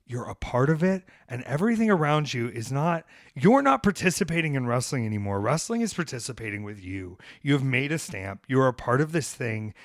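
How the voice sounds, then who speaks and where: A man hosting a podcast, telling a story in a casual, animated way. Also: medium pitch, brisk, hardly any pauses, dry recording, clean studio sound. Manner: animated, acts out quoted voices. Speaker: podcast host, pro wrestler.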